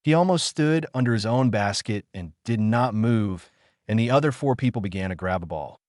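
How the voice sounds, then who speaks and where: Lively low-voiced male audiobook narrator. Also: moderate pace, dry recording, clean studio sound. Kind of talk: flat read-aloud novel narration.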